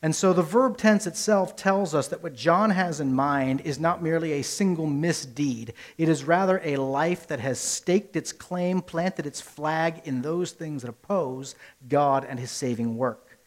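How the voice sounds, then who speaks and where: Male pastor, somewhat high voice, earnest sermon, emphatic swells and quiet drops. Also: unhurried, hardly any pauses. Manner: earnest, rises to emphatic peaks then drops low; rhetorical questions and repetition.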